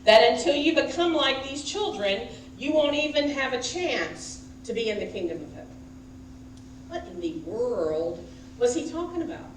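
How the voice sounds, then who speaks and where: A woman's voice: high-pitched, sing-song, normal speed, slight background noise. A woman minister giving a conversational sermon in a church and questioning the congregation directly. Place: church sanctuary. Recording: echoey hall, picked up from a distance.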